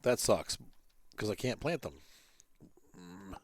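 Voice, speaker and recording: A man's voice: on the low side, lively intonation, takes it slowly, a little hiss or hum. A man hosting a farming game playthrough, chatting casually and rambling through a personal story with many fillers and restarts. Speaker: gaming channel host. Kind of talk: casual let's-play commentary with storytelling.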